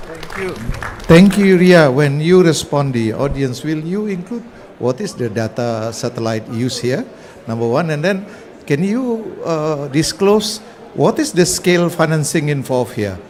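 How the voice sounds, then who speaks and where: Fairly high-voiced panel moderator. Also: male voice, lively intonation, a little mellow. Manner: informal, halting questions. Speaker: session moderator. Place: conference pavilion.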